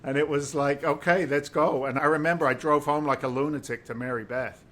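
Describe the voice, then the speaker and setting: A man's voice: mid-range voice, steady tone, fast talker, a bit bright. Emphatic middle-aged man telling his story. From United Kingdom. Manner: emphatic, emotional, preacherly storyteller. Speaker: guest, real estate investor. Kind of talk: podcast interview storytelling.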